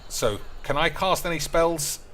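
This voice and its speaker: A man streaming a card game, with rowdy, crude banter that keeps calling out to the boys and jumps into loud, high outbursts. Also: a little slow, a little hiss or hum. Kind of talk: casual gaming commentary.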